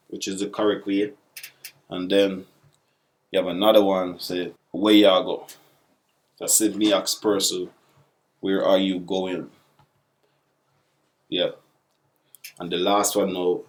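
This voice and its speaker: Deep-voiced Jamaican man teaching patois. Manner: relaxed, repeats example phrases in dialect. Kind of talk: casual video lesson.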